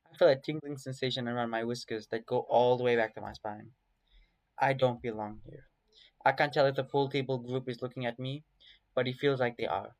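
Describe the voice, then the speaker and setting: A man in a mid-pitched voice reads a visual novel aloud in first person. He keeps it casual, swears freely and stops to chat about his choices. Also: fairly even intonation, fairly quick, darkish tone, poor audio. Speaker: story reader.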